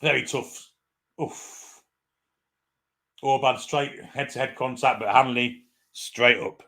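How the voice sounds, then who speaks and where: A man's voice: medium pitch, fairly even intonation, slow pace, a bit bright. A man giving live fan commentary on a football match, irreverent, swearing freely and reading out viewer comments.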